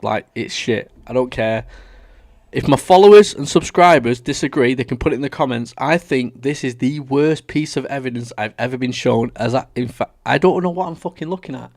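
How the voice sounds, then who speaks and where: A man's voice: mid-range voice, a little fast, darkish tone, no room sound, clean studio sound. A young British man doing casual, combative reaction commentary as a streamer, swearing a lot. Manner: brash, combative, heavy swearing.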